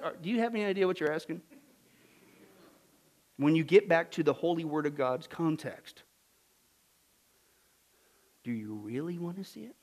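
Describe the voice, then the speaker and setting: A man preaching a dramatic sermon, asking the congregation questions and swinging from hushed whispers to loud exclamations. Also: high-pitched, expressive, moderate pace, pauses often. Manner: asks the congregation rhetorical questions.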